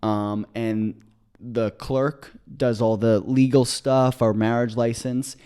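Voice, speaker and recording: A man co-hosting a podcast, telling a long story in an excited, rambling way, with many restarts. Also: mid-range voice, slow pace, clean tone. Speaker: podcast co-host. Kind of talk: casual storytelling chat.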